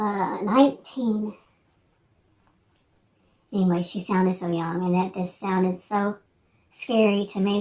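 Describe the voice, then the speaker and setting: A woman in her sixties chatting casually on her vlog, wandering from thought to thought with hesitant restarts. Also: mid-range voice. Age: 60s. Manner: meandering, hesitant, many restarts and fillers. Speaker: vlogger. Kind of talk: rambling casual chat.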